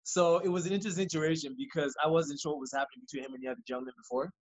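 A man on a podcast tells a story at a rapid clip. His voice sits a little high, and his delivery is animated and profane. He acts out the lines people said along the way. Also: highs cut off. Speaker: podcast guest. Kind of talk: casual storytelling.

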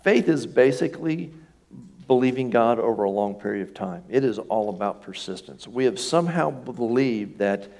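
A man preaching a sermon to his congregation in a relaxed, conversational way, often checking in with questions. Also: medium pitch, normal speed, gravelly. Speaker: pastor. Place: church sanctuary.

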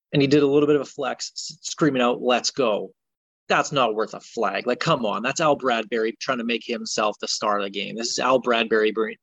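A man's voice: medium pitch, creaky, fairly bright tone, husky, no echo. Exasperated man ranting about sports. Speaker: podcast co-host. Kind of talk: casual sports chat.

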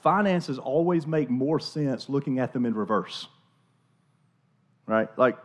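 A man's voice: mid-range voice, animated, unhurried. A man preaching a sermon as pastor in a church, chatty and conversational, often restarting and repeating words.

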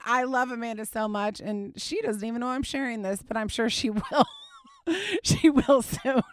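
A woman, hosting a podcast and telling a story in a chatty, animated way with frequent laughs. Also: a little high, dry recording, studio quality. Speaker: podcast host. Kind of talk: casual storytelling monologue. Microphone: studio mic.

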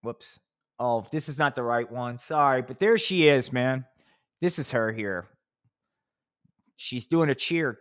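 A man's voice: mid-range voice, animated, measured pace, long pauses, a bit bright, dry recording. Guy rambling on his live podcast, cussing a lot, cuts himself off, dry close mic. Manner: rambling, profane, self-interrupting. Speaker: podcast host.

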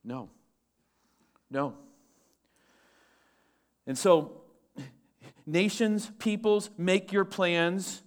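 Male pastor, sermon delivery, higher-pitched voice, animated, shifts between loud and soft. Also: extremely slow, long pauses. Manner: animated preaching, swings between loud and hushed.

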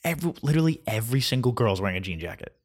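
A man's voice: mid-range voice, animated, very fast, darkish tone, husky. A man in his twenties ranting casually about his weekend in a sarcastic, mocking way, with many fillers. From New Jersey. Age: 20s. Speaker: vlogger.

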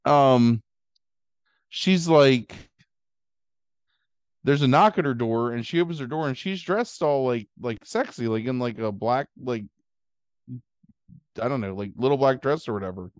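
A man's voice: medium pitch, measured pace, pauses often, no room sound, studio quality. A man hosting a podcast, rambling through a casual movie recap and slipping into silly voices for the characters. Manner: rambling, animated storytelling with silly put-on voices. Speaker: podcast host.

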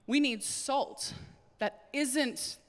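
Aussie woman giving a sermon, bit higher voice, lively storytelling, echoey hall sound. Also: extremely slow. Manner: animated storytelling, acts out voices. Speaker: preacher. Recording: hall reverb.

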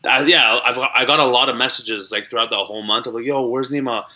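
A young man talks loosely as an interview guest, looping through likes and restarts. His voice is very bright and sharp, and his pitch sits in the middle. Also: quick pace. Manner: rambling, many likes and restarts. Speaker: guest, online comedian. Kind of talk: casual interview chat.

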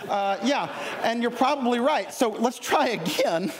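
A man with a Southern US accent delivers a sermon in a lively, chatty way, joking with his congregation between points. His voice sits very high for a man. The sound rings with the long reverb of a church hall. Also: moderate pace. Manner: lively, conversational preaching with jokes and asides. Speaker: preacher. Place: church sanctuary.

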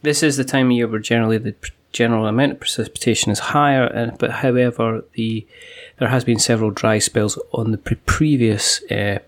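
Scottish man guesting on a casual podcast, deadpan jokey delivery. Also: medium pitch, fairly quick. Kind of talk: casual chat.

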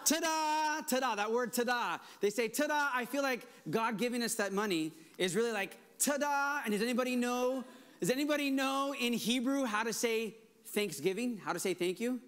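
Brief: male pastor, 40s, higher voice, enthusiastic conversational sermon. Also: fairly bright tone. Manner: enthusiastic, conversational, with frequent restarts and fillers.

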